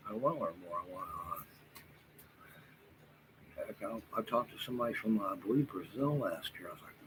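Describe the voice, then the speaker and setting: Speaking to his viewers with a voice on the low side, a weary man rambles haltingly, restarting often and leaning on fillers. At times his voice sinks almost to a whisper, and the background is a noisy room.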